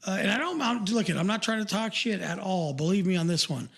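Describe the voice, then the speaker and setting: Older man, high voice, casual podcast co-host, rambling, loose talk. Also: lively intonation, quick pace, creaky, a bit bright, husky. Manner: rambling, lots of filler and restarts.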